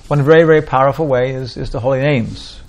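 Gravelly man giving a rambling spiritual talk. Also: mid-range voice, fast talker. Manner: rambling, repeats "like that, you know". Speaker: spiritual teacher. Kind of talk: informal spiritual talk to a group.

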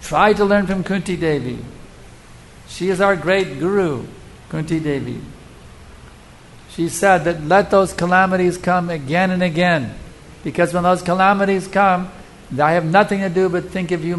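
A man's voice: sits high, normal speed, slight background noise, rough recording. Emphatic male spiritual teacher. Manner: rhetorical, emphatic, asks the audience questions. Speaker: spiritual teacher answering audience questions. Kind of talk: devotional lecture Q&A.

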